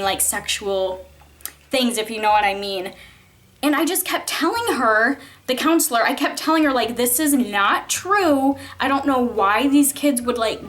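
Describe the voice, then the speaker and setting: A woman's voice: a little high, fairly bright tone. A young woman telling a story from her school days in a casual vlog, chatty and full of "like"s, her tone exasperated. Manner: chatty, filler-heavy, many "like"s, exasperated retelling. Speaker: vlogger.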